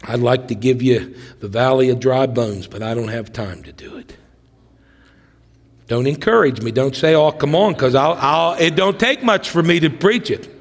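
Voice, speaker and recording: A man preaching a sermon, telling the story with acted-out voices and swinging between loud, excited passages and hushed ones. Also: mid-range voice, moderate pace. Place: church sanctuary. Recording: long hall reverb.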